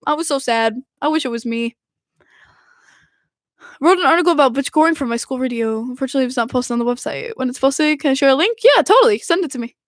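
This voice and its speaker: A young woman hosting a hockey podcast, excitable and giggly, rambling with frequent restarts like a self-declared fangirl. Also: high voice, fast talker, no room sound, clean studio sound. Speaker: podcast host. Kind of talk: casual chat.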